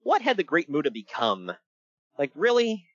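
Male podcast co-host, playful and animated, slightly higher pitch, dry muffled recording. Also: normal speed, dry recording. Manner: animated, jokey, laughs often. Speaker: podcast co-host recapping wrestling. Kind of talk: casual chat.

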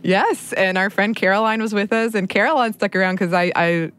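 A woman's voice: medium pitch, a little fast, fairly bright tone, clear, resonant tone. A woman co-hosting a podcast, chatting casually and laughing often. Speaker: podcast co-host.

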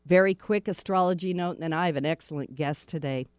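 A woman's voice: deep voice, quick pace, darkish tone, dry recording. Upbeat woman radio host, dry studio sound. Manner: upbeat, spiritual, talks to listeners directly. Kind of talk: chatty on-air announcements.

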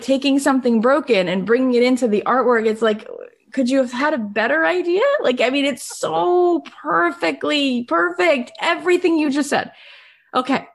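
Gushing woman business coach. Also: medium pitch. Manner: effusive, gushing with praise. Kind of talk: coaching call.

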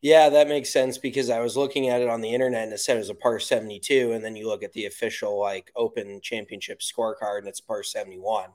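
A man's voice: on the low side, fairly even intonation, fast, few pauses, darkish tone. An American man co-hosting a golf podcast, talking in casual chat with blunt, profane rants. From United States.

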